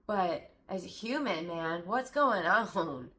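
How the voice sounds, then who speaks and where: A woman's voice: on the low side, expressive, takes it slowly, noisy background. A woman hosting a podcast, reacting to a clip with indignant, sarcastic, profane commentary. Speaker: podcast host.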